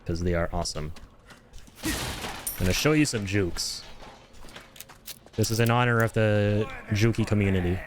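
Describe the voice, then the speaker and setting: A man streams a game and talks casually over it, joking, making mock-serious, ironic asides and rambling with restarted sentences. His voice is lowish, his pace moderate with frequent pauses, and the background is noisy.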